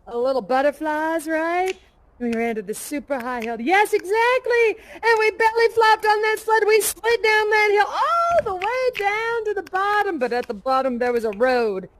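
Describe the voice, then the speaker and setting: A woman's voice: high voice, slight background noise. An actress playing a plucky, adventurous woman aviator of the 1930s, leading a live audience with folksy, hearty storytelling. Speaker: live actor in a virtual reality theater show. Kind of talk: interactive theatrical role-play with an audience.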